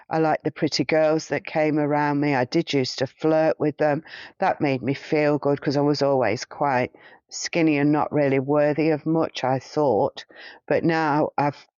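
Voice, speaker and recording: Man, fairly high voice, halting and hesitant, past-life regression recall, dry muffled recording. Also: level tone, darkish tone, clean tone, no echo. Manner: halting, hesitant, searching for words. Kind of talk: recounting a past-life regression in first person.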